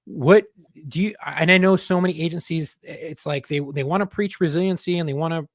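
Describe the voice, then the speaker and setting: A man with a voice on the higher side talks in a loose, casual podcast conversation. He is a former police officer who tells stories bluntly and swears a lot. The sound is close and dry, with no room echo. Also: fairly quick. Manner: blunt, profane storytelling.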